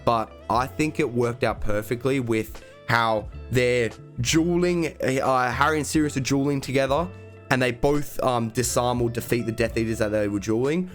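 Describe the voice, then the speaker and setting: A young man hosting a casual film review, gushing as an emotional, excitable fan. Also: medium pitch, normal speed, faint music behind. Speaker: YouTube reaction host ranking films.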